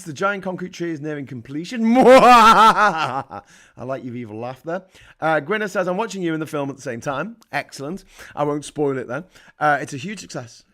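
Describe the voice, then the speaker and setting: A man's voice: a little high, fairly bright tone. A British man hosting a livestream, reading out chat and ranting about politics, heated, sarcastic and constantly swearing. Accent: British English. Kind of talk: casual political rant.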